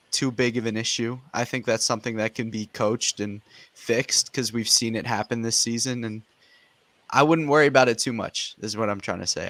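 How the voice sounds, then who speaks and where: A man in his twenties co-hosting a sports podcast, giving measured, hedging opinions. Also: medium pitch, a bit bright, dry recording. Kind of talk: casual sports podcast chat.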